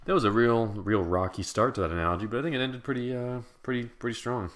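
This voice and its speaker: A man's voice: medium pitch, quick pace, fairly bright tone. A man co-hosting a casual wine podcast, rambling and joking with plenty of swearing. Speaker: podcast co-host. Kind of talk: casual chat.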